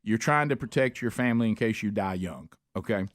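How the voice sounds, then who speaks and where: A man's voice: lowish voice, expressive, fairly quick, no room sound, clean studio sound. Joking Alabama radio host, middle-aged man. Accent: Southern US, Alabama. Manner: chatty, joking storyteller. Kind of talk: casual radio banter.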